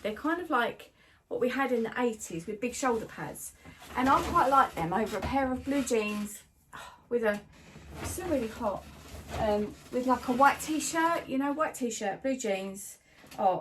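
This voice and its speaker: A woman's voice: on the high side, fairly bright tone. A middle-aged British woman chatting casually to her viewers as a lifestyle vlogger at home, rambling and friendly. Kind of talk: casual chat to camera. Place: at home, in a home office. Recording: noisy home recording.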